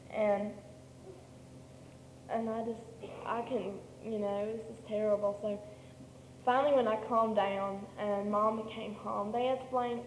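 A woman's voice: mid-range voice, a little mellow. Woman telling her story in an echoey hall. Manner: rambling storytelling, many restarts and self-corrections. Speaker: speaker sharing her story at a meeting. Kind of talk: personal testimony. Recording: echoey hall with faint background noise.

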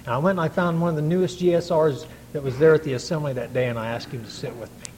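High-voiced, folksy man. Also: fairly even intonation, fast talker, darkish tone, a little hiss or hum, low-quality recording. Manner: earnest, folksy storytelling with frequent restarts. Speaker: recovery meeting speaker. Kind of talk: personal testimony to an audience.

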